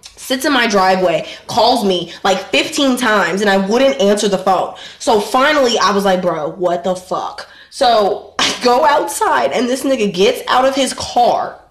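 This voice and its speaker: A woman's voice: a little high, animated, moderate pace. Blunt, profane woman telling a story. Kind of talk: casual storytelling chat. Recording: roomy echo.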